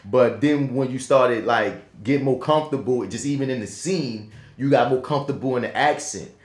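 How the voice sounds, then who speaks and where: A man with a thick New Orleans accent talks casually on a podcast, telling stories with loose slang and plenty of swearing. His voice sits at a middle pitch and bounces off the walls of a roomy, echoey space. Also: moderate pace. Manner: animated storyteller, swearing, slangy. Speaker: podcast co-host. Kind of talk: casual chat.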